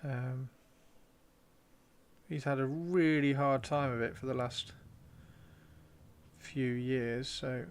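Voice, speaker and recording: A man's voice: medium pitch, fairly even intonation, slow pace, long pauses. A man streaming live, chatting casually and joking as he reads out viewer messages, his throat a bit worn from talking. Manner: chatty, joking, self-mocking. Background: faint video game music.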